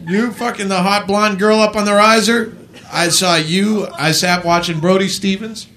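A man's voice: high voice, fairly even intonation, moderate pace, sharp tone, a little hiss or hum. A man doing crude, blunt stand-up comedy, laughing often. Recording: live audience in a comedy club. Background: crowd laughter.

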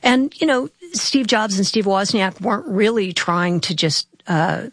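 A woman's voice: mid-range voice, a little slow, a bit bright, no echo, clean studio sound. A woman guest on a radio discussion, explaining things in a chatty way with frequent restarts. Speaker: guest commentator.

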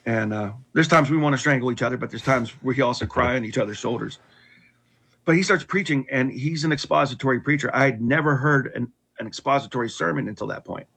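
A man's voice: mid-range voice, fast, vocal fry, a bit bright, husky. A middle-aged man candidly telling a personal story in casual conversation, with restarts and wry laughs.

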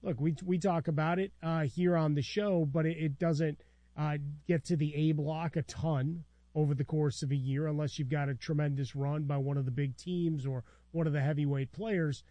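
A man co-hosts a sports talk show in a mellow, somewhat high voice, adding relaxed comments. The sound is dry and close. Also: normal speed, no echo.

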